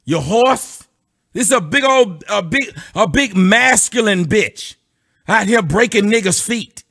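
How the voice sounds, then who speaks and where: High, bright-voiced man ranting comically. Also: lively intonation, unhurried, vocal fry. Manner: profane, sing-song and mocking. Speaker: comedian. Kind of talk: comic rant with sung bits.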